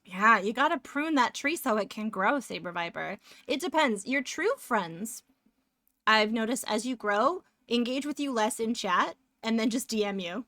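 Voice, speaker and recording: A woman's voice: a little high, bright, forceful tone, no echo. Woman, young adult, live streamer, rambling casual chat, eating on stream, dry sound. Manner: rambling and chatty, eating between sentences.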